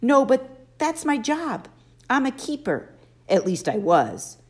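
A woman's voice: high-pitched, sing-song, slow pace, darkish tone, pitched above the performer's own voice, heavily acted. A woman voicing a nervous, sniffling young male satyr who keeps apologizing, in an audiobook. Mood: tearful.

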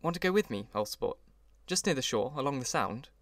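A man's voice: mid-range voice, animated, fairly quick, fairly bright tone, no room sound, natural voice. A man reading an audiobook, voicing an elegant young host who picks his words with care and stays formal and courteous. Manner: courteous, carefully chosen words.

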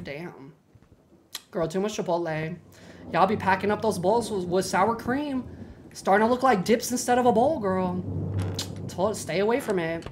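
A young woman streaming a horror game, swearing freely and breaking into yells and laughter as she talks to her chat. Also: mid-range voice, lively intonation, a little slow, noisy background. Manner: loud, swearing, bursts into yelling and laughter. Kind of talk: live gameplay commentary.

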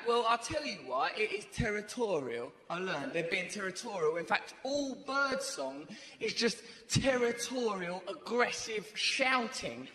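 A man's voice: sits high, normal speed. A man performing live stand-up comedy, telling rambling stories full of "right?" asides. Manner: animated, rambling storytelling with frequent "right?" asides. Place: theatre stage before a live audience. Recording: echoey live hall, audience noise.

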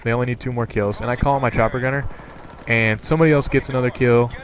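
A young man giving casual commentary on a video game, rambling and excitable, with lots of fillers. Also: mid-range voice, fast talker, crowd noise. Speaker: gaming commentator. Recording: game sound and gunfire behind. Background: gunfire from gameplay.

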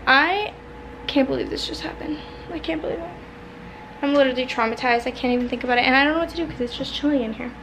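Panicked high-voiced young woman vlogger. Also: quick pace, noisy background. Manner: panicked, swearing, half laughing half crying. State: shaken and tearful. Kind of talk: casual vlog monologue. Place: apartment bedroom.

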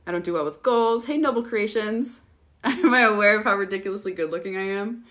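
Bright-voiced woman chatting casually. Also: medium pitch, a little fast. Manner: casual, swears freely, laughs often. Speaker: host answering viewer questions. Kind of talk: casual livestream chat.

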